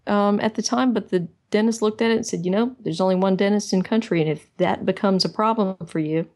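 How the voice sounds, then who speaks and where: A woman co-hosting a casual chat, explaining her point in a measured way with some fillers. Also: mid-range voice, darkish tone. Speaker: co-host.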